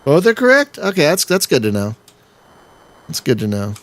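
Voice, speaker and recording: A man's voice: on the high side, wildly swooping pitch, normal speed. A man hosting a casual let's-play, chatting and rambling as he plays, laughing often and sometimes breaking into exasperated outbursts. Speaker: gaming channel host.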